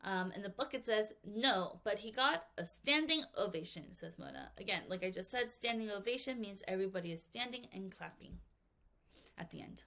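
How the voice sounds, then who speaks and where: A woman's voice: medium pitch, moderate pace, vocal fry. A woman teaching English vocabulary to children, reading examples aloud and acting out little scenes in playful voices. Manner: lively, acts out little examples in silly voices and whispers. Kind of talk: vocabulary lesson for kids.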